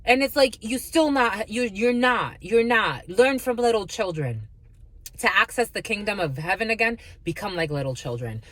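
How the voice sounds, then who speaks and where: A woman's voice: medium pitch, lively intonation, moderate pace, fairly bright tone, dry recording. A woman giving a casual spiritual reading, blunt and profane, laughing often and calling listeners her lovies. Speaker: spiritual reader.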